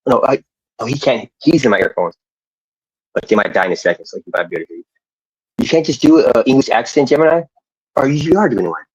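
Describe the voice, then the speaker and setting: A man's voice: mid-range voice, expressive, fast, pauses often, husky, no room sound, lo-fi sound. A man chatting casually into earphones, stumbling and restarting his questions and swearing offhand. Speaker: streamer. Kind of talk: casual chat.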